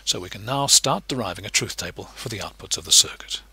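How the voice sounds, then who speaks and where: Husky male lecturer, bright and lively. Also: fast talker. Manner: patient, explanatory, lively pitch shifts. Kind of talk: recorded lecture narration.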